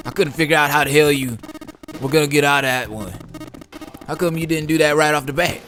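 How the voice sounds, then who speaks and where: A man voicing a blunt, rough-talking man from a game, loud and pushy. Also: on the high side, a little fast, faint music behind, pitched above the performer's own voice, natural voice. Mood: surprised.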